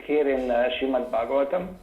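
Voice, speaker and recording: A man giving a scripture lecture, carefully explaining verses word by word and pausing to look up references. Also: medium pitch, echoey room, narrow, tinny audio.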